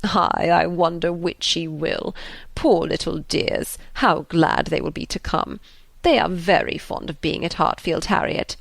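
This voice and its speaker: Woman doing a fretful elderly gentleman. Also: fairly low pitch, gravelly, dry recording. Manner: slow, fussing, sighing tone.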